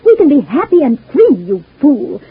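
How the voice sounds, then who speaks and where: An actress playing a scheming, cruel wife in an old-time radio soap, talking with cold, scornful menace. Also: female voice, high voice, wildly swooping pitch, moderate pace, no echo. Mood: contemptuous. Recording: husky lo-fi old radio broadcast.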